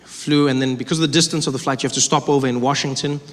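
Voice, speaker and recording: A South African man in his thirties telling stories in a stand-up comedy set, shifting quickly between voices. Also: medium pitch, fairly even intonation. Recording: live hall reverb, faint ambience.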